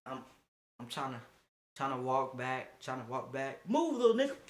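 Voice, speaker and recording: A young man streaming live from his phone, telling a crude, excitable story and acting out what others said. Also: mid-range voice, a little slow, a little hiss or hum. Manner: crude, excitable, acts out quotes.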